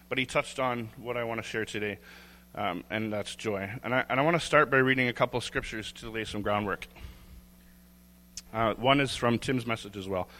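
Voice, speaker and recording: Bright-voiced man preaching in a reverberant hall. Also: mid-range voice, a little hiss or hum. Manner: candid, self-deprecating, chuckles often, restarts phrases. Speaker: lay preacher. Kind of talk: informal sermon. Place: church sanctuary.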